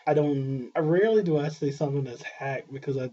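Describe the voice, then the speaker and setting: A man's voice: a little high, brisk, dark tone, lo-fi sound. A man co-hosting a casual podcast chat, rambling, trailing off and laughing often. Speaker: podcast co-host.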